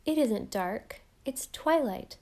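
A woman voicing a gentle, dreamy young wife, speaking softly with a slightly lifted voice. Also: fairly high pitch, lively intonation, slow, gravelly, exaggerated voice.

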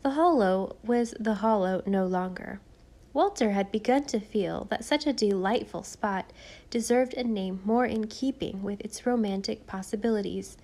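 A woman narrates a children's classic as an audiobook. Her telling is measured and expressive, with a calm, even way of reading. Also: mid-range voice. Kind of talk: scripted narration.

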